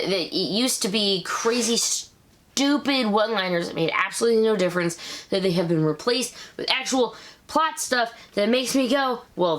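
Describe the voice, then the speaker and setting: A woman in her thirties hosting a casual episode review, chatty and animated, with quick asides. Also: mid-range voice. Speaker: show review host.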